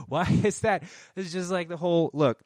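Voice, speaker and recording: A podcast host in his forties rants casually and heatedly into a studio microphone, swearing constantly. His voice is high-pitched, and the recording is dry and studio quality.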